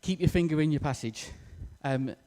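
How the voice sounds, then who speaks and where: A man's voice: a little high, moderate pace, a little mellow. A man preaching a sermon in a church, casual and self-deprecating with plenty of fillers. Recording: echoey church hall.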